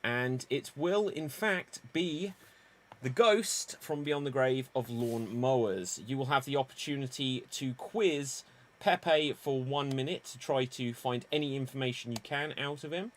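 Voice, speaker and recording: Improv host guy, big announcer delivery, mid-pitched voice, running the votes. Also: a little slow. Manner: theatrical, announcing rules and votes. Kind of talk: hosting a live improv game.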